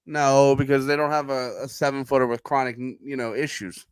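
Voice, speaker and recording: A man's voice: mid-range voice, steady tone, a little fast, smooth, dry recording. A man with a Philadelphia accent co-hosting a sports podcast, blunt, sarcastic and profane in casual chat over a remote call. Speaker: podcast co-host.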